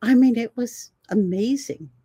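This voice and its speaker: An older woman, a herbalist guest, telling animated stories in a conversation and laughing often. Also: on the high side, unhurried, husky, no room sound. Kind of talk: storytelling in a conversation.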